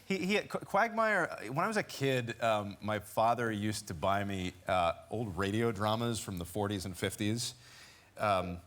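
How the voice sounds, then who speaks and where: A man chatting as a guest on a talk show about voicing characters, speaking haltingly with many restarts. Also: fairly low pitch, a bit bright. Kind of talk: casual anecdotal chat. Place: TV studio with audience. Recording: studio audience and noise behind.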